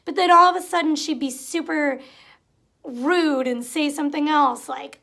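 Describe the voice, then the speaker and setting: A woman's voice: sits high, normal speed, gravelly, a bit bright. A young woman telling retail stories in a casual, chatty way, getting exasperated and acting out what customers said. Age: young adult. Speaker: vlogger. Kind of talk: casual storytelling. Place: home room, cat nearby.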